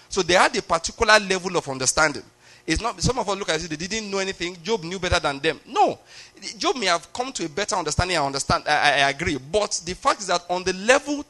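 A man's voice: high voice, pushed and bright. A man preaching a sermon, explaining a passage step by step and often checking that his listeners follow.

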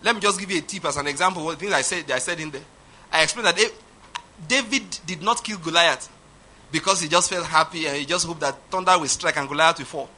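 A man preaching a sermon, emphatic, swinging from loud declarations to quiet asides. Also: a little high, a little fast. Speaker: pastor.

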